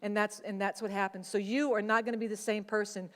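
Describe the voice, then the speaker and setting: A woman's voice: medium pitch, level tone, fast, a bit bright, big-room sound. A woman pastor preaching a sermon in a conversational way, slipping into quoted voices.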